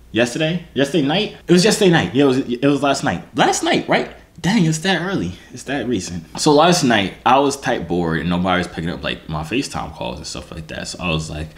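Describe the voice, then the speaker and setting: A man vlogger telling a personal story to camera in a casual, slangy, self-mocking way, with lots of restarts. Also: mid-range voice. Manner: animated, slangy, self-mocking, full of restarts and "you feel me".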